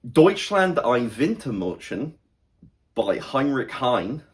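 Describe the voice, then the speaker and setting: A man's voice: medium pitch, sing-song, slow. A man appearing as a guest presenter, joking and fumbling his way through the names. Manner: joking, fumbling, self-deprecating. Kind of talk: casual chat.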